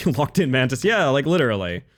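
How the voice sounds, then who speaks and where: A man's voice: medium pitch, very animated, fairly quick. A man streaming a speedrun late at night, chatting casually with his viewers, thinking aloud and correcting himself as he plays. He sounds a little tired. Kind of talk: casual gameplay commentary.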